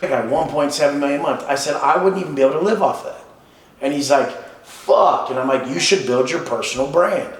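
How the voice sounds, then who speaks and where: A man's voice: a little high, fast, a little hiss or hum. A man from San Diego hosting a podcast, talking bluntly and profanely in a boastful, casual way. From San Diego, California. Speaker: podcast host. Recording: roomy echoing room.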